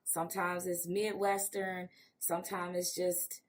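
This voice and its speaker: A woman's voice: fairly low pitch, flat delivery, unhurried. An American woman hosting an interview podcast, chatting in a rambling way and laughing often. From United States. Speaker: podcast host. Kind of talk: casual interview chat. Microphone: remote call on video.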